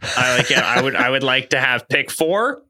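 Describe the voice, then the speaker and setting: Very bright-voiced man giving dry analysis. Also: medium pitch, expressive, moderate pace. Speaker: podcast co-host. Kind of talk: casual chat.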